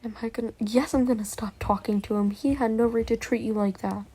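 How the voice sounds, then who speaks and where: A woman's voice: a little high, steady tone, brisk, breathy edge. A woman voicing a blunt, foul-mouthed sibling who fiercely protects the listener, in an amateur role-play. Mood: protective. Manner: blunt, cursing, sharp-tongued.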